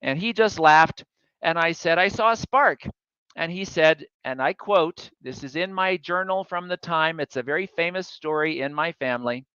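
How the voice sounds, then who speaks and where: A man's voice: fairly high pitch, normal speed, fairly bright tone, clear, resonant tone, dry recording, highs cut off. A man giving a public talk, telling a chatty, self-deprecating story from his travels. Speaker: guest speaker.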